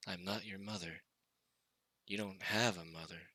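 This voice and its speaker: A man's voice: deep voice, fairly even intonation, normal speed, sharp tone, no room sound. A man doing a cold, lecturing mother. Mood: stern. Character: stern mother, cold and preachy.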